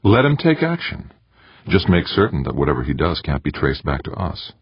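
A man reading the part of a calm, manipulative woman who coaxes her ally in an audiobook. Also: extremely low pitch, normal speed, slightly rough, no echo, full character voice. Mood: coolly persuasive. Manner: cool and coaxing. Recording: dry, dull lo-fi audiobook recording.

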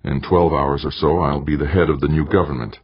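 Brooding power-hungry politician muttering to himself, husky and very deep, read by a man, dull dry audio. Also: fairly even intonation, brisk, dry recording.

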